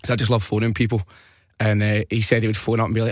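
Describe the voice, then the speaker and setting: A man's voice: on the low side, flat delivery, fast, no room sound. A Scottish man in his thirties hosting a podcast in a studio, telling stories casually, laughing and swearing freely. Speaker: podcast host. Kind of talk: casual chat.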